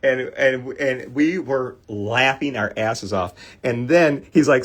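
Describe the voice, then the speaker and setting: A man's voice: mid-range voice, lively intonation, slow. A middle-aged man hosting a casual card-cleaning livestream, rambling through a funny story and talking to his viewers. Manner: rambling storyteller, laughs often, chatty with viewers.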